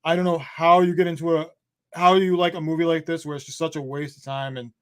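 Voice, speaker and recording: A man with a slightly high voice gives a blunt, profane film review over a video call. He talks in halting bursts and pauses often. The sound is plain home-call audio. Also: flat delivery, clean tone. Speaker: movie reviewer on a panel. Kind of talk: live online review countdown.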